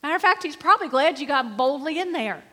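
A middle-aged woman preaching a sermon in an animated, conversational way, often calling for the congregation to respond. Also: high voice, fast talker. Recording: reverberant hall.

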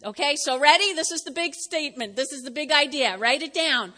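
A woman pastor gives a lively sermon in a church, speaking straight to her listeners. Her voice sits high and sounds bright and forceful, and a long reverb from the large hall trails after her words. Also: brisk, few pauses. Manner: lively, talks straight to the congregation, acts out quotes. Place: church sanctuary.

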